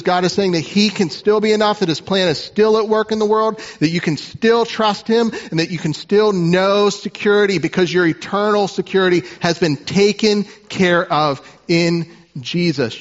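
A man preaching a sermon as pastor, earnest, moving between hushed, tender passages and fervent ones. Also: high-pitched, dull audio.

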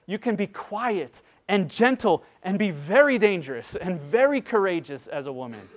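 Male pastor, 30s, preaching from the pulpit; slightly high voice, wide swings between near-whispered intensity and loud emphasis. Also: sing-song, moderate pace. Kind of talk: sermon.

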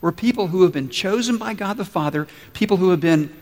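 A man's voice: high-pitched, fairly quick, darkish tone, in a large hall. A man preaching a sermon as pastor, earnestly telling stories and acting out the people he quotes.

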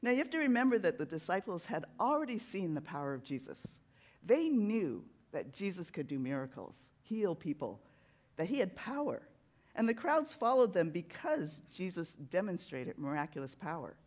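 A preacher giving a sermon in a church sanctuary, talking in a conversational, animated way that tells a story. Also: mid-range voice, moderate pace.

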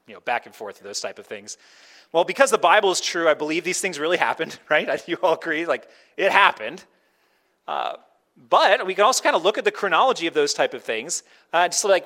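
A man's voice: on the high side, big pitch swings, fairly quick, sharp tone. A man preaching a sermon in a conversational way, often slipping into quoted voices to make his point. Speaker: pastor.

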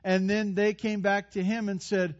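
A man preaching a sermon in a conversational, animated way, with playful asides and frequent restarts. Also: high-pitched, normal speed, muffled recording. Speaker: pastor.

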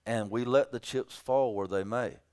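A man's voice: medium pitch, moderate pace, a little mellow, clear, resonant tone. A man preaching a sermon as pastor, emphatic, often repeating his phrases for weight.

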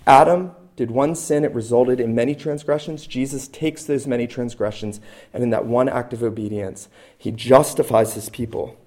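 A middle-aged man preaching a sermon as pastor, emphatic, swinging between loud stresses and quiet asides. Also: fairly even intonation, moderate pace. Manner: emphatic, rising to loud stresses and then dropping low.

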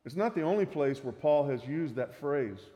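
A man preaching a sermon, reading Bible passages aloud and explaining them with measured emphasis. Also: a little high, lively intonation, mellow. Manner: reads scripture aloud, then teaches. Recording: reverberant hall.

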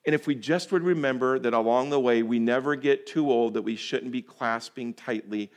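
Male pastor, sermon delivery, folksy and direct, big swings between loud emphasis and hushed, drawn-out phrasing. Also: mid-range voice. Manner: folksy, addresses listeners as folks.

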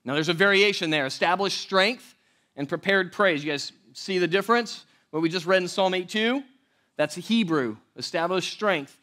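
A man preaching a sermon as pastor, conversational and animated, often checking in with the audience. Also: sits high, moderate pace.

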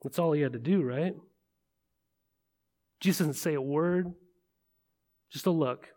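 A man preaching a sermon in a conversational way, often checking in with listeners and slowing to a hush at weighty moments. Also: fairly high pitch. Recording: long reverb of a large hall.

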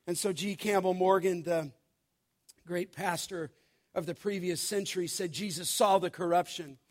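A man preaching a sermon, building to emphatic, forceful peaks on key lines. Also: high-pitched. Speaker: pastor.

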